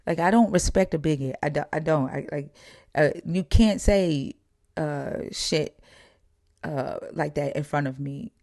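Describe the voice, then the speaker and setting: A woman's voice: sits low, a little slow, mellow, no room sound, studio quality. A woman telling stories in a blunt, profane, heated way, in candid conversation.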